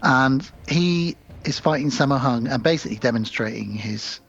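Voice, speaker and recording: A man's voice: medium pitch, normal speed, vocal fry, slightly rough, dull audio, soft background music. A man co-hosting a podcast, casually retelling film scenes and acting out the lines. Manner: animated storyteller acting out lines. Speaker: podcast co-host.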